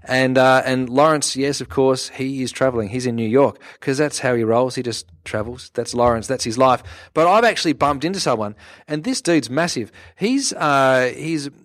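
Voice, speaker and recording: A man's voice: medium pitch, normal speed. A man co-hosting a podcast, chatting casually and joking with plenty of fillers, recorded at a conference. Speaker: podcast co-host. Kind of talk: casual interview chat. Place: conference venue.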